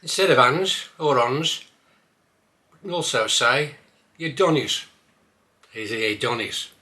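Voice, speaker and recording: Older man, Black Country accent, casual dialect lesson, bright forceful voice. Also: medium pitch, lively intonation. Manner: repeats words slowly to demonstrate pronunciation. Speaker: vlogger teaching dialect. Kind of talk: casual instructional vlog.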